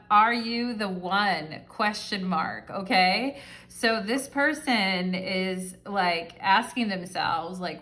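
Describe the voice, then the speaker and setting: A woman's voice: fairly low pitch, slow, bright, forceful tone. Chatty woman giving a tarot reading. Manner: chatty, affectionate, rambling with many fillers. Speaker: tarot reader. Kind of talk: casual pick-a-card tarot reading.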